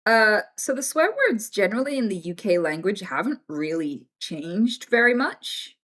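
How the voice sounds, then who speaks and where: A woman's voice: medium pitch, very animated, moderate pace, a bit bright. A young British woman chatting casually on a livestream, frank and swearing freely as she tells stories.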